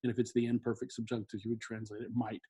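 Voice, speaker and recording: A man with a husky, slightly breathy voice teaches a recorded screen-share lesson. His talk is relaxed and unscripted, full of fillers and quick self-corrections as he walks through the material. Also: medium pitch. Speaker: Latin teacher.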